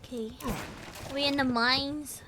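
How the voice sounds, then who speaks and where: A woman's voice: sits high, fairly even intonation, takes it slowly, bright, forceful tone, a little hiss or hum. A woman streamer giving casual gameplay commentary, playful and giggly.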